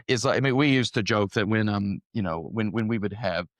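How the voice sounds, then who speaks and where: A man's voice: lowish voice, fairly quick, no room sound, clean studio sound. A young man co-hosting a conversational Bible study podcast, speaking in an earnest, thoughtful way and laughing easily. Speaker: podcast co-host.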